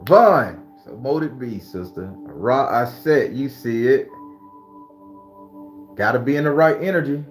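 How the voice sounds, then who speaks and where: Streaming tarot host, male, mid-pitched voice, loose and profane, laughs a lot, faint music behind. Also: unhurried, long pauses. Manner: animated, profane, laughs often; preachy pep talk. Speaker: tarot reader and spell worker hosting a live stream. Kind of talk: casual live-stream chat, greeting viewers.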